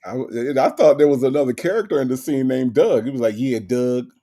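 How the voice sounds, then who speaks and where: Mellow, laid-back woman telling stories. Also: a bass voice, expressive, quick pace. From US South. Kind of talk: casual chat.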